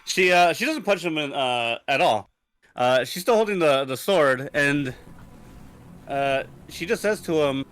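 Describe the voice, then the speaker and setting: A man's voice: on the high side, lively intonation, a little slow, fairly bright tone, slight background noise. A man playing in a tabletop role-playing game, rambling and hesitating as he describes his character's move. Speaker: player. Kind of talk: casual tabletop play.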